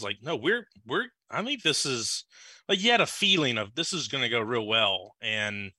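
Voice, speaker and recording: A man's voice: medium pitch, big pitch swings, normal speed, pushed and bright, no room sound. A man from Louisiana chatting as a podcast guest, rambling through a story and acting out the scene in raised voices. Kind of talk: casual chat, storytelling.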